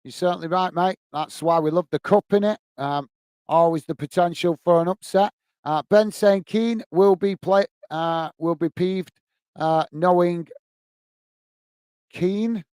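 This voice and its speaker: A man's voice: sits high, a little slow, darkish tone, smooth, dry recording. A man hosting a football watch-along stream, chatting casually and reading out viewer comments to answer them. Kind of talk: live-stream casual chat.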